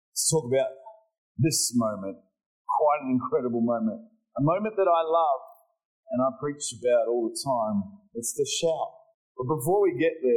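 A man's voice: on the high side, a little mellow, poor audio. A man preaching a sermon as a pastor, joking and mimicking complaining voices. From Australia.

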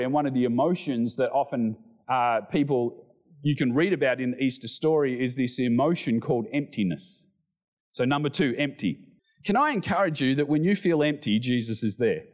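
A middle-aged male pastor preaching a sermon, animated, acting out scripture voices and climbing loud at the high points.

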